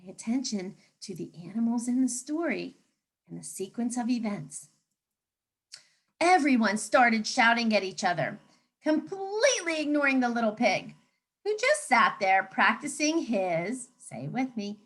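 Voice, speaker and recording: Animated woman teacher reading a storybook aloud. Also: on the high side, a little slow. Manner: animated and coaxing, asks children questions. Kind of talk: reading a picture book aloud to children.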